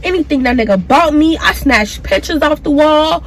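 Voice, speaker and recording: A young woman vlogger casually retelling a personal story, animated and profane, acting out the back-and-forth. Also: high-pitched, normal speed. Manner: animated, profane, acts out the dialogue.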